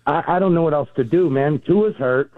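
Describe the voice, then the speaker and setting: A man's voice: fairly high pitch, normal speed. Wry, exasperated man on a phone line. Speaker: caller. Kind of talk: phone-in call.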